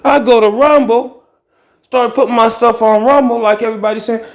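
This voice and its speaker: A middle-aged Akron, Ohio, man hosts a podcast in casual monologue-vlog style, his very high voice animated and a bit quick. Ranting bluntly and profanely, he walks around his apartment, heading from the carpeted living room into a tiled kitchen.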